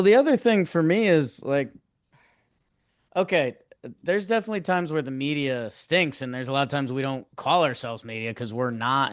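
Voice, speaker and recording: A man's voice: medium pitch, clean tone, no room sound, studio quality. A man co-hosting a casual sports podcast, frustrated and rambling, restarting his thoughts often. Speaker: podcast co-host.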